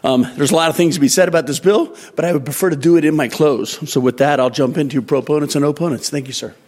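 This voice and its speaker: A man presenting a bill at a legislative committee hearing, out of breath and hurried, apologizing as he speaks. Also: a little high, darkish tone, long reverb tail. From Montana, USA. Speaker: state representative presenting a bill. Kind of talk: formal committee testimony.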